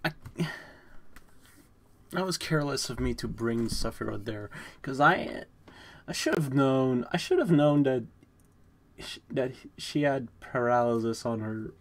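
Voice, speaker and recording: A young adult streamer giving casual, excitable commentary while gaming, swearing, laughing often and stammering. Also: mid-range voice, a little slow, long pauses.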